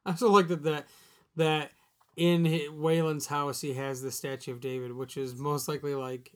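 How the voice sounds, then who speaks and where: Guy on a podcast chatting about a movie, kinda high voice, rambly. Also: level tone, normal speed. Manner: rambling, restarts, says "like" a lot. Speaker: podcast co-host. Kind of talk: casual movie discussion.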